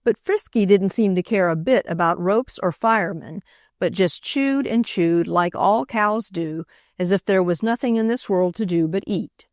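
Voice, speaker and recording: A woman narrating an old children's novel as an audiobook, in an even storytelling manner. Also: medium pitch, normal speed, dry recording, studio quality. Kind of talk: scripted narration of a children's classic.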